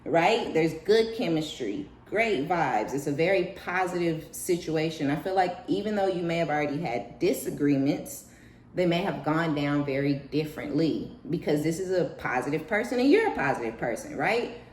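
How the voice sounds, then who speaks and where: A woman giving a casual spiritual reading in a profane, animated way. She jumps into high mocking voices and laughs often. Her voice carries an echoey room sound. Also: normal speed, slight background noise. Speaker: tarot reader.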